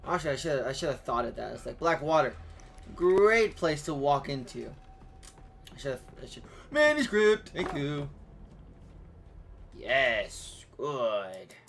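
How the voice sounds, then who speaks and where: A young man giving casual, excitable gameplay commentary, talking to himself and yelping and shouting at enemies. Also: mid-range voice, takes it slowly, vocal fry, long pauses. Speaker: gaming YouTuber.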